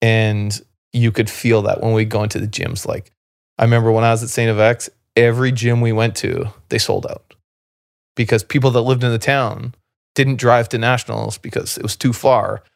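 Gravelly-voiced man telling relaxed stories. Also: mid-range voice, moderate pace, no room sound, clean studio sound. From Canada. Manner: rambling, relaxed storyteller, many "like" fillers and restarts. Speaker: podcast guest, former basketball player. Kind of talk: casual storytelling conversation.

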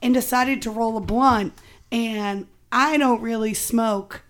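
A woman's voice: fairly high pitch, slow. A young woman who is sick, telling a chatty, profane story in casual conversation. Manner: chatty, profane, animated in quotes. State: sick, voice a bit rough.

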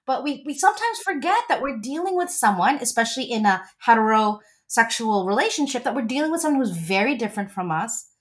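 A woman in her forties, a relationship coach, talking as a guest in a casual interview and telling stories with gushing, animated energy. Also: on the high side, a little fast, hardly any pauses.

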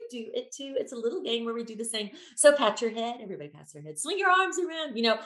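A woman's voice: fairly high pitch, fast talker. A woman who leads children's ministry music, telling stories as an interview guest and acting out the lines she quotes. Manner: animated, acts out quotes with shifting voices. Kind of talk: conversational interview storytelling. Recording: echoey room.

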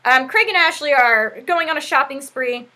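A woman's voice: high-pitched, lively intonation, normal speed, bright, forceful tone. A woman co-hosting a podcast, casually recapping a TV episode, laughing often and acting out the characters' lines. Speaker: podcast co-host.

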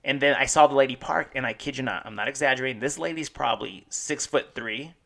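A fast-talking man in his thirties with a gravelly, bright edge, chatting casually as a podcast co-host. He jokes his way through stories and acts out other people's lines. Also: medium pitch. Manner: joking storyteller, acts out quotes. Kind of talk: casual chat.

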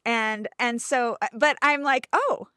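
A woman's voice: a little high, big pitch swings, normal speed, a bit bright, no echo, studio quality. A young adult woman co-hosting a podcast, chatting in a rambling way and laughing often. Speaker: podcast co-host. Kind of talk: casual chat.

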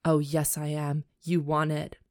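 A woman's voice: low voice, monotone, measured pace, a little mellow, dry recording, studio quality. A woman reading the lines of a smug adult husband in a romance novel, in a teasing manner.

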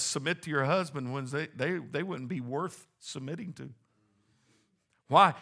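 A male pastor preaching a sermon in a church, swinging between quiet, low asides and loud, rising exclamations.

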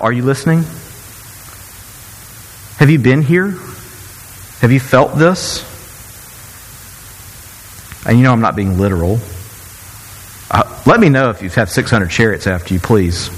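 A man preaching a sermon, joking and sarcastic, who jumps up in pitch when he acts out the people's cries. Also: measured pace, long pauses, big-room sound, rough recording. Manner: animated, jumps high to act out quoted cries. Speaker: pastor.

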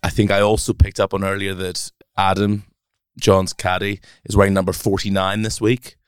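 A man's voice: low-pitched, flat delivery, moderate pace, clear, resonant tone, dry recording, studio quality. A man co-hosting a sports podcast, chatting in a teasing, jokey way. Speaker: podcast co-host, sports reporter. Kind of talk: casual podcast chat.

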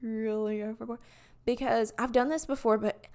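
A woman's voice: on the high side, fairly even intonation, moderate pace, mellow. Rambling Southern-accented young woman. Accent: Southern US (Alabama). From Alabama, US. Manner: rambling, many "like" fillers and restarts. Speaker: vlogger. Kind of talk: casual talk to camera.

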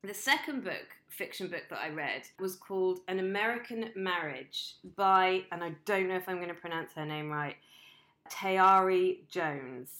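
A woman's voice: fairly low pitch, expressive, a little slow, fairly bright tone. A woman host and coach talking in a casual monologue, blunt and emphatic, swearing freely. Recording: roomy echo.

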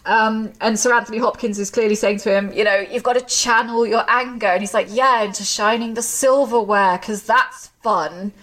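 A woman co-hosting a casual film chat, enthusiastic and quick with asides and laughs. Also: fairly high pitch, fairly even intonation, fairly bright tone, distant mic. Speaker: podcast co-host. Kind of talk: casual chat about films.

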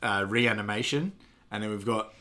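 A man's voice: lowish voice, moderate pace, sharp tone. A man, co-hosting a podcast, recapping a film in casual chat, rambling and laughing often. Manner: rambling, laughs often, stumbles over words. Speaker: podcast co-host.

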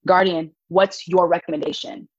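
Animated young woman with a husky voice. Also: lowish voice, moderate pace, no echo, lo-fi sound. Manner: animated, acts out quotes with laughs. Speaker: guest, volunteer child advocate. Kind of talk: casual interview storytelling.

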